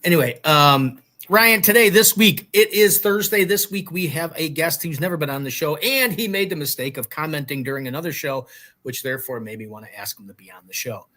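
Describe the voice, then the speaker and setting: A man's voice: on the high side, fairly quick, pushed and bright. A man co-hosting a live chat show, joking and giving showy introductions. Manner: jokey, theatrical introductions. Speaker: co-host. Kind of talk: casual livestream banter.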